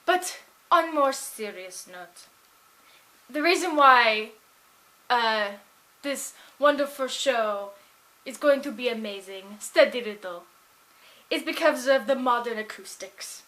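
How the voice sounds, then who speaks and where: A woman putting on the voice of a rambling game show promoter in an improvised character monologue, with a slow, drawn-out, effusive delivery. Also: fairly high pitch, lively intonation, fairly bright tone.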